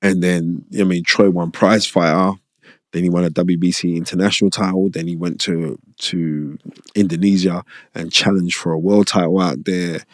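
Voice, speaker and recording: A middle-aged man, a boxing pundit, swaps stories in a casual interview. His voice sits fairly low, and he talks with animated emphasis, hammering phrases again and again. The sound is dry and close, with no room around it. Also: normal speed, dry recording. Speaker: guest, boxing pundit and former TV host.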